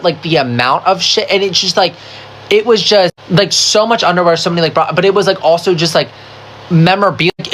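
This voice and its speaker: A woman dishing a wild storytime as she gets ready, her voice bright and forward. She talks in a gossipy, profane rush, stacking "like" fillers and calling the viewer "girl" and "baby". A faint hum of room sound sits under her. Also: fairly low pitch. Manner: animated and profane, full of "like" fillers. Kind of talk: casual get-ready-with-me storytime.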